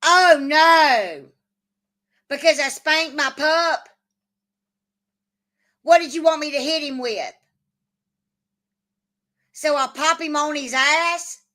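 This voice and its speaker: A woman's voice: high voice, slow, pauses often, pushed and bright. A woman hosting a casual livestream, swearing often and arguing back at her chat. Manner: profane, combative, answers chat. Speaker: livestream host.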